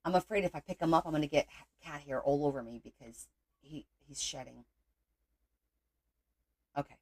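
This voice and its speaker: A woman's voice: low-pitched, moderate pace. A middle-aged woman hosting a casual crafting livestream, chatting and teasing viewers as she works and greeting them by name.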